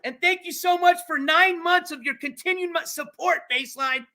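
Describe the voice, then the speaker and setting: Very bright-voiced casual stream host. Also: very high-pitched, moderate pace. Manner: chatty, stops to explain legal wording; thanks channel members by name. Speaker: livestream host. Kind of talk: casual commentary reading court papers aloud.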